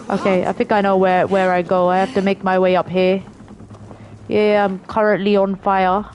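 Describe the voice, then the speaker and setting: A woman with a London accent giving chatty, excitable live commentary as she plays a game, yelping and swearing at it. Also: medium pitch, muffled recording, slight background noise. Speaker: game streamer.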